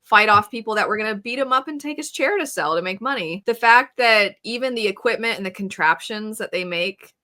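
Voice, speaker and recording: Bright-voiced woman chatting animatedly. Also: mid-range voice, fairly quick, hardly any pauses. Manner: animated, acts out quoted lines with laughs. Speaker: guest. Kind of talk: casual chat.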